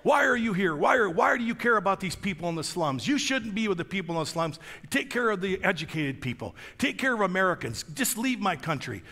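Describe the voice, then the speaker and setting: A man voicing a bitter middle-aged male official who rants and complains loudly. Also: sits high, big pitch swings, a little fast, in a large hall, pitched above the performer's own voice, full character voice. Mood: hostile. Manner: shouting, griping rant.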